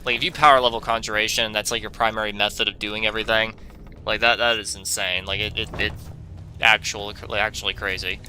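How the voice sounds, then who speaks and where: A man's voice: on the low side, little pitch movement, brisk, pushed and bright, slight background noise. A man hosting a gaming video, giving rambling, wry commentary with jokey asides as he plays. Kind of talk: casual let's-play commentary.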